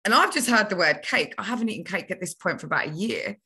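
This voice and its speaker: A young woman, a podcast guest telling stories from her childhood in a lively, chatty way. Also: medium pitch, fast talker, breathy edge. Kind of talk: casual storytelling.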